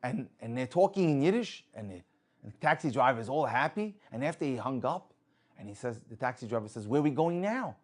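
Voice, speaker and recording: A man telling an inspirational religious story with lively delivery, acting out the people in it. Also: medium pitch, brisk. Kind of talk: inspirational story told to an audience.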